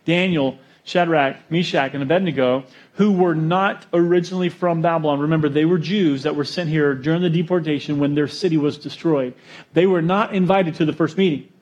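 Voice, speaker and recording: A man preaching a sermon, storytelling with jokes and acting out quotes in an animated way. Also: a little high, fairly quick, dull audio. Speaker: pastor.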